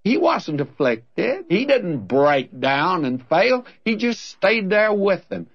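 Older preacher, lively earnest pleading. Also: male voice, sits high, slow, no echo. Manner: earnest, folksy, pleading with listeners. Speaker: radio Bible teacher. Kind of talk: radio sermon, verse-by-verse Bible teaching. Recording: dull, dry lo-fi old radio recording.

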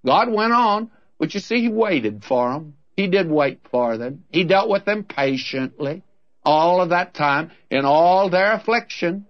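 A man's voice: high-pitched, lively intonation, measured pace, no echo. An older man preaching a radio Bible sermon, earnest and folksy, pleading with his listeners. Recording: dull, dry lo-fi old radio recording.

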